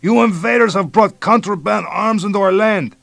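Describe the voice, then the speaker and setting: A man's voice: sits high, moderate pace, creaky, a bit bright, no echo, pitched above the performer's own voice. A man playing a menacing police chief turned rebel leader, with a Mexican accent, bellowing commands.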